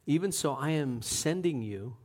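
Preacher doing a hushed gentle Jesus, a calm reassuring man, higher than most men, speaks softly and slowly. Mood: solemn.

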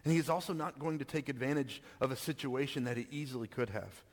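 A man's voice: mid-range voice, fast talker, in a large hall. A man preaching a sermon in a conversational way, often stopping to ask "right?" and chuckling as he explains. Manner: conversational, laughs often, keeps asking "right?". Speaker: pastor.

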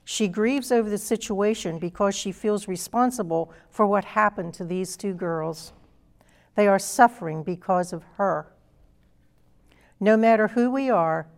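A woman delivering a sermon in an earnest, emphatic way. Her voice sits at a middle pitch, and she reads scripture aloud and walks through its meaning. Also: moderate pace, creaky. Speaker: preacher.

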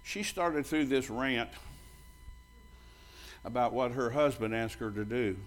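An older pastor preaches a sermon at a slow pace in a medium-pitched voice, bluntly telling stories and playing both sides of the conversations. Joking with the congregation, he turns loud and bold.

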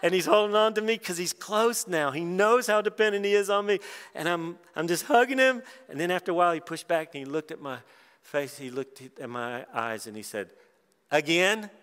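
Storytelling pastor preaching in a big hall. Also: male voice, high voice, a little fast, clean tone. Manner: storytelling, swings from quiet to loud and excited. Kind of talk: sermon. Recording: long hall reverb.

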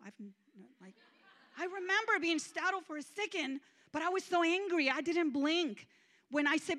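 High-voiced woman preaching her testimony. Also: expressive, normal speed. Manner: emphatic, confessional, swinging between loud and hushed. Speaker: guest minister. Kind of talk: testimonial sermon.

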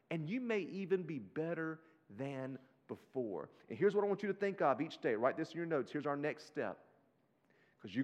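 A man preaching a sermon as pastor, animated and conversational, talking straight to his listeners in casual slang. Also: a little high, dull audio. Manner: slips into casual slang like "y'all".

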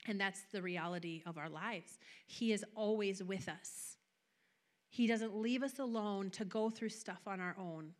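A woman's voice: mid-range voice, a little slow. A woman preaching a sermon, telling a personal vision and a scripture passage with passion and rising emphasis. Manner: passionate, building to raised emphatic peaks.

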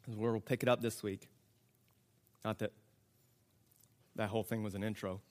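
A male pastor preaching a sermon, acting out the scenes and swinging between loud outbursts and hushed, slow passages. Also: fairly low pitch, little pitch movement, a little hiss or hum. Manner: dramatic, acts out the crowd, swings from loud to hushed.

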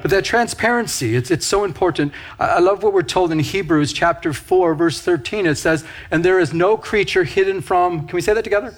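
Husky, fairly high-voiced male pastor preaching. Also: brisk, few pauses. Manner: animated, talks straight to the congregation with frequent asides. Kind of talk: conversational sermon.

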